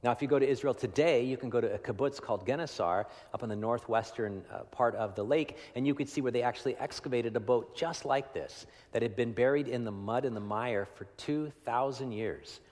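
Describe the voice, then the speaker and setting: A man preaching a sermon in a conversational way, often asking "right?" and swinging between loud emphasis and hushed, near-whispered lines. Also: mid-range voice, fairly quick, few pauses. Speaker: pastor. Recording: long hall reverb.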